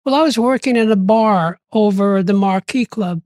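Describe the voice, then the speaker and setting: Brief: older male guest, lively storyteller who acts out quoted voices, recorded dry and close. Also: sits high, moderate pace, no room sound. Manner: animated, acts out quoted voices, laughs often. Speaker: interview guest. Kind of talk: storytelling interview.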